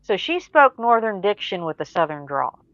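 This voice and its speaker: A woman co-hosting a podcast tells an anecdote in a relaxed, casual chat, using a mid-range voice at a moderate pace. The audio is dull and lo-fi.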